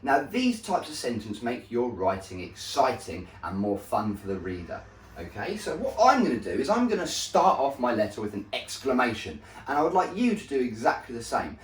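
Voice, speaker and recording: A male primary school teacher giving a slow, deliberate recorded lesson to young children, often checking in with "okay?". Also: mid-range voice, big pitch swings. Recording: echoey room, voice a bit far from mic.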